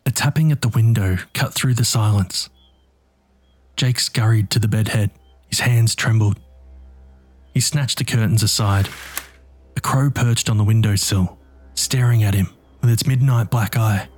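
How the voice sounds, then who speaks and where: A man narrating a dark story in a tense, measured, scripted delivery. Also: lowish voice.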